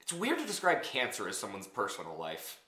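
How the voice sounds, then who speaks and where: Bright-voiced rambling man in an echoey room. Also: on the low side, wildly swooping pitch, a little fast, a little hiss or hum. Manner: rambling, hedging with many fillers. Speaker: podcast co-host. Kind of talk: casual chat.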